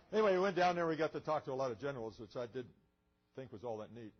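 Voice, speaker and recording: A man's voice: mid-range voice, expressive, fast, highs cut off. An older man, a retired pilot, telling a story in a museum lecture. He acts out the dialogue and often chuckles. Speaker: guest speaker, retired pilot.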